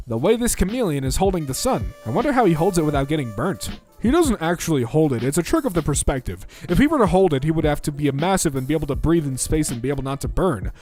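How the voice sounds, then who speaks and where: A young man reading out internet posts for comedy, bouncing between flat deadpan and mock voices. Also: a little high, soft background music. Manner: lively, quick shifts into mock voices.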